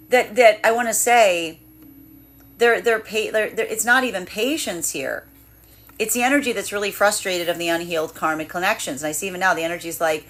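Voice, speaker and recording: A woman's voice: lowish voice, brisk, fairly bright tone. Rambling woman giving a tarot reading. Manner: rambling, filler-heavy, laughs often. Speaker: tarot reader.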